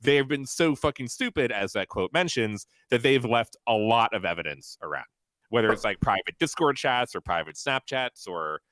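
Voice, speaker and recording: A male guest on a stream, explaining his view in a measured way during a casual chat. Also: mid-range voice, lively intonation, a bit bright, no room sound. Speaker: guest commentator.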